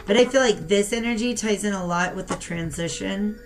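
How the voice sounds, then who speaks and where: A young woman giving a casual tarot reading and talking straight to her viewers in a chatty, animated way. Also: medium pitch, brisk, loud music behind the voice. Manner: chatty and animated, talks to viewers as "you guys". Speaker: tarot reader.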